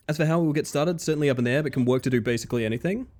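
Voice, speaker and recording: A man's voice: on the high side, racing, a little mellow. A man streaming live, talking in a loose, rambling way and filling gaps with "like" and "you know". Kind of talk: casual live-stream chat.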